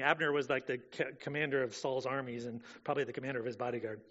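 A man preaching a sermon in a casual way, full of fillers, rising loud and dropping soft. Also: mid-range voice, fairly even intonation, fast, few pauses, dull audio. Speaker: pastor.

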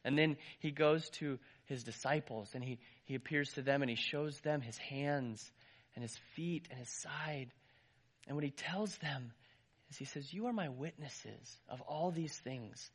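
A man preaching a sermon, retelling a story lively, his voice rising and dropping with some restarts. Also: medium pitch, a little slow. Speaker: pastor.

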